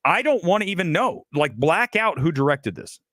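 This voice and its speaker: Man, film critic host, blunt, emphatic, somewhat high-pitched, dry recording. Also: sing-song, normal speed, sharp tone, no echo. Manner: blunt, emphatic, self-assured. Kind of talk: opinionated livestream commentary.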